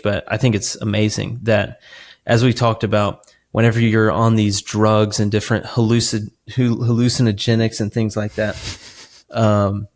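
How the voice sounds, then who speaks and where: A man co-hosting a podcast in casual chat, rambling a bit with restarts and fillers. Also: fairly low pitch. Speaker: podcast co-host.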